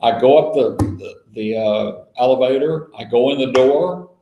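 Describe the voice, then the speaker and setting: A man's voice: medium pitch, moderate pace, highs cut off. Bible study leader, male, folksy storyteller, roomy echo on the recording. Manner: folksy storytelling, spells words out letter by letter. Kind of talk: casual teaching talk to a small group.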